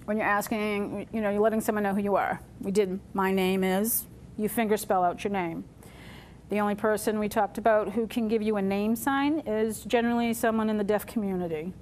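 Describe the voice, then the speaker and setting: A woman teaching a sign language class, talking through each sign as she shows it, with pauses and fillers. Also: medium pitch, fairly even intonation, darkish tone, a little hiss or hum. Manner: demonstrative, talks through signs with pauses and fillers.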